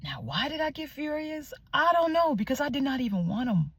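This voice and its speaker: A young woman with a high-pitched voice speaks a little fast, telling her faith testimony in a casual vlog. Chatty and animated, she often lowers to a near-whisper and searches out loud for words. Slight background noise is audible.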